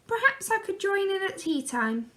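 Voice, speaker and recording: Lady doing a tired polite storybook mum, brightish voice. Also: very high-pitched, sing-song, normal speed, voice pushed up, exaggerated voice. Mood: weary. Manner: polite, weary. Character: a tired, gentle mother.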